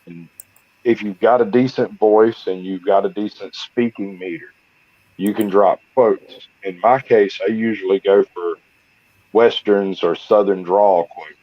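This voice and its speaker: A low-voiced man talks in a relaxed, rambling way on a live stream, full of "like" and "uh". His voice comes through a dull, lo-fi call mic. The sound is dry and close. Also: unhurried, dry recording. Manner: easygoing, chatty storyteller with fillers. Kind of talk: casual chat on a live stream.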